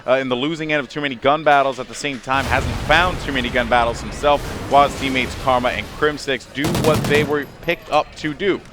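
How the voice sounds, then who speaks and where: A man's voice: medium pitch, steady tone, fairly quick, hardly any pauses. A man casting a competitive shooter match, chatting and joking between plays with his co-caster. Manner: chatty, jokey, quotes players in put-on voices. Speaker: esports caster. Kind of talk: play-by-play commentary. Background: game gunfire and faint music.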